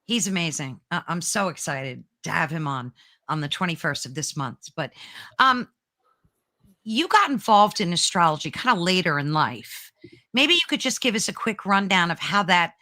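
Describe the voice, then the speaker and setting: Woman host, bright clear tone, enthusiastic, encouraging questions, video call. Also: lowish voice, lively intonation, moderate pace. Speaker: podcast host. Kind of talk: podcast interview.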